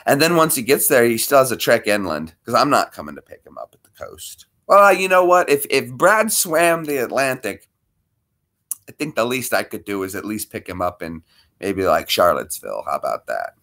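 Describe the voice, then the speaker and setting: A man's voice: medium pitch, sing-song, normal speed, pushed and bright. A man hosting a casual livestream, greeting viewers by name and talking to his dog between topics. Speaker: livestream host.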